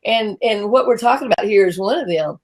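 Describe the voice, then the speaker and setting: A woman's voice: mid-range voice, fairly quick, a little mellow, low-quality recording. A woman in her sixties with a Southern American accent, hosting a live-streamed talk show in a chatty, self-deprecating way with frequent restarts. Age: 60s. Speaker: host.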